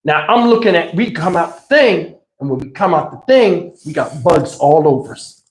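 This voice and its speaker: A man's voice: on the high side, lively intonation, normal speed, echoey room, low-quality recording. A man telling a comic family story on a livestream, slangy and profane. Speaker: livestream host.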